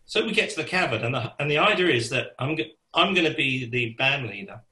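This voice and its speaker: A man, telling a lively anecdote as a podcast guest, laughing and swearing casually as he goes. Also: medium pitch, brisk, roomy sound, rough recording. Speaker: guest musician. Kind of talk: anecdotal storytelling.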